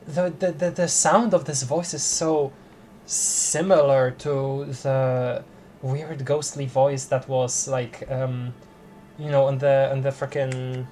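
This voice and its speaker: A man streaming a narrative game, reading dialogue aloud with puzzled, halting remarks. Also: mid-range voice, level tone, a little mellow, slight background noise. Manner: puzzled, reads dialogue choices aloud, many restarts.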